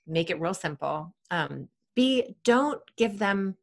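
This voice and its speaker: A woman in her thirties talks in an animated, conversational way as an interview guest. She jumps into higher, bouncier tones when she mimics a parent cheering a child on. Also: slow, creaky. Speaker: guest, sports psychology expert.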